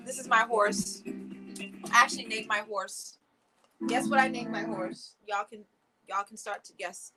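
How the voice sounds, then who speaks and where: A woman's voice: a little high, fairly even intonation, measured pace, pauses often, music in the background, rough recording. A woman hosting a live watch party, talking to viewers in a sarcastic, exasperated and chatty way. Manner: sarcastic, exasperated running commentary, lots of "like" and "y'all". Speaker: livestream host.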